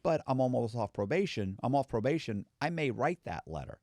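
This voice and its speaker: A man's voice: medium pitch, very animated, brisk, darkish tone, no echo, clean studio sound. A man, a former con man, talking candidly in a casual podcast conversation and acting out quoted voices.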